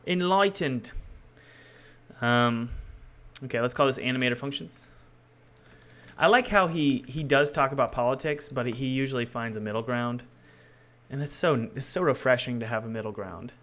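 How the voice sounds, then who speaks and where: On a game development stream, a man rambles to his audience as he works, correcting himself mid-sentence as thoughts come. His medium-pitched voice sounds a bit bright, and he talks at a normal speed.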